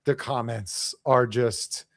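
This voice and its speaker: A mid-pitched man rambling through casual podcast talk, searching for words and dropping curses. His voice sounds close and dry, with no room around it. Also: steady tone, slow, creaky, no echo. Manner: rambling, loose, swears often. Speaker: podcast co-host. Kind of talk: casual chat.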